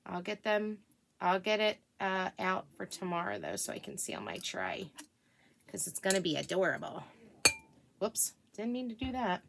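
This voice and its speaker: A woman chatting casually in a craft vlog at home, gushing and excitable as she works. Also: medium pitch, normal speed, gravelly, noisy background. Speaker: craft vlogger.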